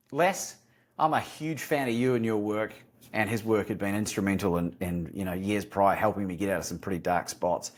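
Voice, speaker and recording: An Australian man tells his story as a podcast guest, animated and lively, acting out his phone calls. His voice sits in a middling male pitch. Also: moderate pace. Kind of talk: storytelling interview.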